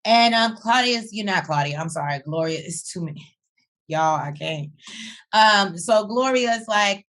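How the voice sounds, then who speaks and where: A woman's voice: mid-range voice, expressive, a little slow, fairly bright tone. A woman co-hosting a TV review chat, commenting bluntly with slang and swearing. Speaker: co-host reviewing a TV episode. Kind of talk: casual recap chat.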